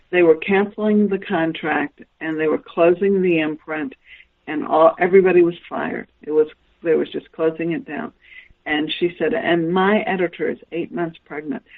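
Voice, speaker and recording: A woman's voice: low-pitched, gravelly. Woman telling stories over a tinny phone line. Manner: recounts anecdotes, acting out quoted dialogue. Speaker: guest author. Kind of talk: storytelling interview.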